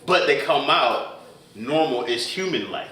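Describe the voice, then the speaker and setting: A man co-hosting a casual podcast chat, telling stories in a joking, animated way. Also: medium pitch, unhurried, distant mic, a little hiss or hum. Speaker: podcast co-host. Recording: roomy echo, off-mic.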